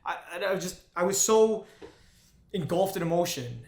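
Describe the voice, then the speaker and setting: A man telling an emotional personal story to camera, halting and full of restarts. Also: sits high, expressive, creaky, darkish tone. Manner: halting, with frequent restarts and fillers. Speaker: vlogger. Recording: echoey room.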